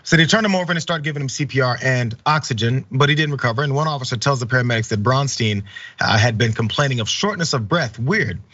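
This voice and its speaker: A man's voice: medium pitch, fast talker, bright, forceful tone, dry recording, muffled recording. A man hosting online news commentary, talking loosely with many fillers and pressing indignant rhetorical questions.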